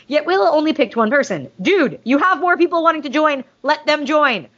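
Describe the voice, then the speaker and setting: A woman's voice: high-pitched, expressive, moderate pace, a bit bright. A woman hosting a podcast, chatting casually and gushingly, with jokey asides. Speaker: podcast host reading listener mail. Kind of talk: casual fan chat. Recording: dull lo-fi sound.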